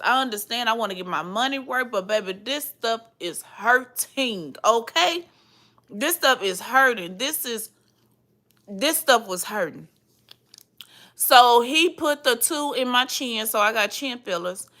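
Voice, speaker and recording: A young woman chatting casually to her viewers, animated and slangy, her face swollen after surgery. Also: on the high side, a little slow. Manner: animated storytelling, laughs and squeals loudly; slangy, calls viewers y'all and cousin. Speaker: vlogger.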